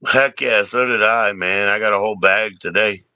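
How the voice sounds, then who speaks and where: Deep gravelly man hosting a livestream. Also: steady tone, normal speed, pushed and bright, no echo. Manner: joking, profane, teasing banter. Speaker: livestream host. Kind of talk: casual livestream chat.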